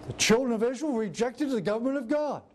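A man delivers a sermon in a high, lively voice that rises and falls as he acts out scripture scenes. A faint hiss sits behind him. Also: fast. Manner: animated, acts out biblical quotes in varied voices. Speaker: preacher.

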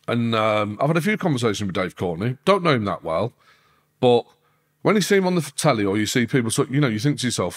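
A man, a podcast guest telling a story casually, swearing constantly and acting out quoted dialogue. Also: on the low side. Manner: heavy swearing, animated retelling with quoted dialogue.

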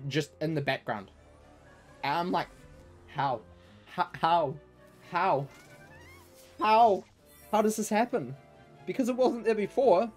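A man who streams live, telling a long story in casual chat to his viewers, rambling with fillers and restarts. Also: medium pitch.

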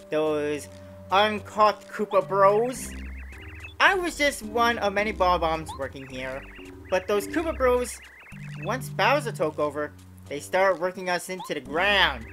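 A woman's voice: mid-range voice, sharp tone. A woman reading game dialogue as a cheerful, feisty young female bob-omb, with an eager, bouncy delivery.

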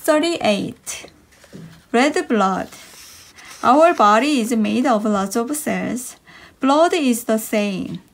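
A woman reading short English science stories for children in a slow, bouncy storybook manner. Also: fairly high pitch, lively intonation, vocal fry. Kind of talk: slow expressive read-aloud for kids.

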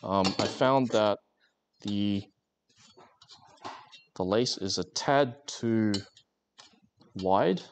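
A man chats to his stream viewers while working on a craft, rambling from joke to joke with plenty of ums and likes. His voice sits a little low, and a faint hum of noise runs underneath. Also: drawn-out words, long pauses. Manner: rambling, joking, many fillers. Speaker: livestreamer. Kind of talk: casual live-stream chat while crafting.

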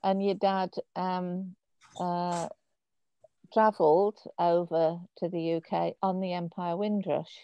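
A woman's voice: lowish voice, little pitch movement, slow, clear, resonant tone. A woman from Birmingham with a Birmingham accent, hosting a conversation over a video call, chatty and hesitant with many ums and restarts. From Birmingham, England. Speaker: host. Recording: dull lo-fi video call audio.

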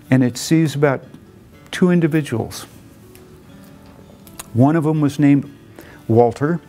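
A man giving an earnest, reflective lecture who tells stories and slows down and drops low for emphasis. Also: mellow. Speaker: motivational lecturer.

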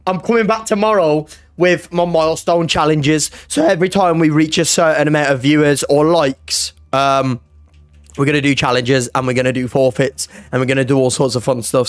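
A young man streaming a game, hoarse from a sore throat, talking loosely and swearing. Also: a little high, no echo, clean studio sound. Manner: panicky, yelling, repeating himself, swearing. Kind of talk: live gaming stream commentary. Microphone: streaming mic.

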